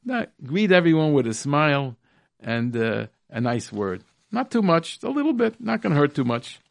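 Chuckling radio host with a gravelly voice. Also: male voice, a little high, sing-song, normal speed, dry recording, clean studio sound. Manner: warm laughing asides between read passages. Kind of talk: reading aloud and chatting on radio.

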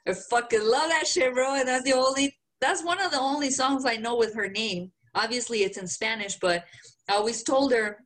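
Tipsy high-voiced woman co-host. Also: normal speed. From Mexico. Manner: animated, swearing, laughing often. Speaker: podcast co-host. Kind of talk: casual chat.

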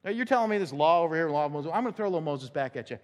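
A man's voice: fairly high pitch, animated, very fast. A man preaching a conversational sermon as pastor, acting out quotes and laughing along the way. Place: church sanctuary. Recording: long church hall reverb.

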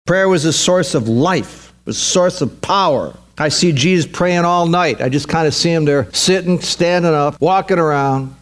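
Male pastor, emphatic sermon delivery, slightly high pitch. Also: moderate pace, hardly any pauses. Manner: emphatic, repetitive preaching.

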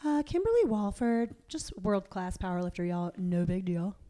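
A woman hosting a podcast, telling stories in a chatty, animated way and acting out what people said. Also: mid-range voice, normal speed. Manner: chatty, animated storytelling with quoted voices. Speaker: podcast host; powerlifting coach and competitor. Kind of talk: casual interview chat.

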